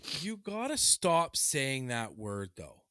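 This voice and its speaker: A man's voice: mid-range voice, very animated, slow, a bit bright, no room sound, clean studio sound. A man from Canada co-hosting a podcast, chatting casually with sardonic, swear-heavy rants. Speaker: podcast co-host. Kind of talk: casual chat.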